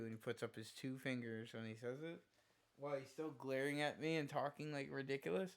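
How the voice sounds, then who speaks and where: A man's voice: mid-range voice, fairly even intonation, fairly quick. A male live streamer telling a rambling, profane story in casual chat, full of "like" fillers.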